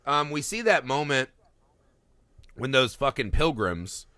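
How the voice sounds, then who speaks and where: Male co-host, lively and bright, dry close sound, swears a lot. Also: medium pitch, measured pace, no echo. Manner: animated, swears freely, acts out movie lines while laughing. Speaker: podcast co-host. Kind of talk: casual film discussion.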